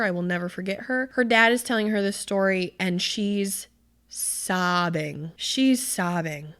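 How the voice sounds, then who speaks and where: A woman in mid pitch, speaking as a podcast host in a loose, conversational way. She talks with earnest, emphatic passion and swears often for emphasis. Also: clean tone. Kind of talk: casual podcast discussion.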